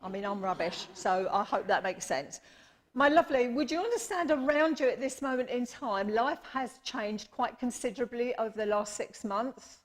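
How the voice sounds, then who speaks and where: A woman's voice: fairly high pitch, normal speed. A woman medium giving readings at a church service, chatty and affectionate, often calling people her lovely and apologising. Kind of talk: live mediumship demonstration.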